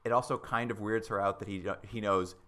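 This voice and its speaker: A man with a bright, forceful voice casually recaps a TV episode on a podcast. He is sarcastic and animated, and he slips into quick acted-out quotes of the characters. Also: on the low side. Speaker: podcast co-host.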